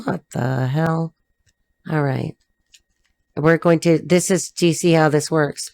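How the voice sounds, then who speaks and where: A woman's voice: low voice, fairly even intonation, unhurried, creaky, pauses often, a little mellow, no echo. A woman from Southern California with a Southern Californian accent, giving a casual tarot reading in a blunt, profane, chatty way. She laughs often and acts out the characters in the cards. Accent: Southern Californian American. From Los Angeles, Southern California. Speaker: tarot reader.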